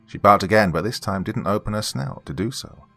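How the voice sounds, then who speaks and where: A man narrating a first-person horror story in a measured, hushed storytelling manner. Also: on the low side, gravelly, dry recording, faint music behind.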